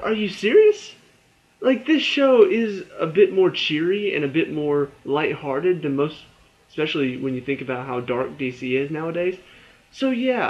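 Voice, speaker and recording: A man's voice: mid-range voice, dull audio. A young man giving a casual spoken TV review, ranting in exasperation and stumbling over his words. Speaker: TV review vlogger.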